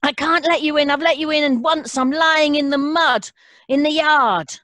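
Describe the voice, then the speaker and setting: A woman's voice: sits high, normal speed, bright, forceful tone, no room sound, pitched above the performer's own voice. A woman voicing an enchanted bucket of foot water in a folk tale, speaking firmly with a raised voice.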